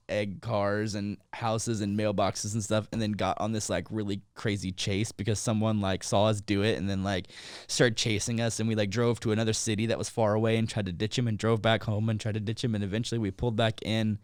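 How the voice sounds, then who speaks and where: A man's voice: fairly low pitch, clear, resonant tone, dry recording, studio quality. Chatty male podcast co-host. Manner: animated storyteller, heavy use of "like". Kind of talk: casual chat.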